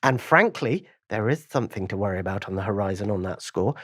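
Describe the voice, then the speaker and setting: A man, a crypto trader, talking as a guest on an interview podcast in a chatty, animated way with many restarts and asides. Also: fairly low pitch, fast talker, no echo, clean studio sound. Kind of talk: casual interview chat.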